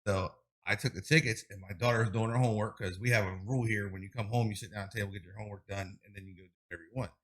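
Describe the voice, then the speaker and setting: A man's voice: lowish voice, rapid-fire, few pauses. A man in his thirties, a streamer guest on a podcast, telling long, rambling stories in casual chat with lots of fillers. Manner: rambling, animated storytelling with many fillers.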